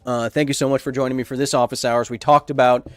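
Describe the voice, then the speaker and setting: A man in his thirties talks casually to his livestream chat, animated and jokey and prone to rambling. His voice sits at a middle pitch. The sound is dry and close, with faint music underneath. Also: fast talker, dry recording. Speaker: science YouTuber hosting a livestream Q&A.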